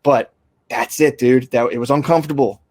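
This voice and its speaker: A man's voice: medium pitch, steady tone, normal speed, darkish tone, no room sound, studio quality. A young man in casual podcast conversation, rambling with restarts and fillers and swearing freely. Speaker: podcast host.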